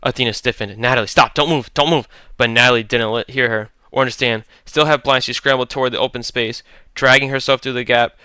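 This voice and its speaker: Bright, clear male horror narrator. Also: mid-range voice, flat delivery, no room sound. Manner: dramatic, deliberate storytelling.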